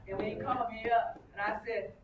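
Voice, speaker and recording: A woman's voice: on the high side, steady tone, fairly quick, narrow, tinny audio. An older woman at a convention panel, telling bawdy anecdotes with big laughs and acted-out voices. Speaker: panel guest. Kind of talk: animated storytelling with acted-out voices. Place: convention panel room with audience. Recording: roomy convention hall, distant, crowd noise.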